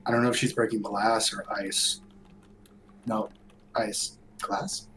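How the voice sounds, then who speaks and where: A man playing in a live-streamed tabletop role-playing game, teasing the table in a dry, low-key way. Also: flat delivery, takes it slowly, background noise. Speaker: player.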